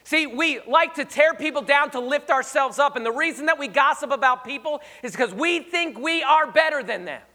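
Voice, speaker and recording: A pastor preaching a sermon, emphatic and conversational with rhetorical questions, slightly hoarse. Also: male voice, very high-pitched, animated, moderate pace, hardly any pauses, pushed and bright.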